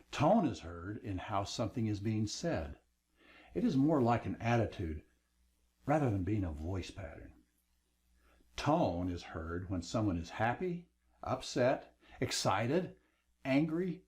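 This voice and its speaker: Middle-aged guy lecturing about speech, voice swoops up and down a lot. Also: fairly low pitch. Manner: animated, lecturing with varied emphasis. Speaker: instructor. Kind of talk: recorded lecture.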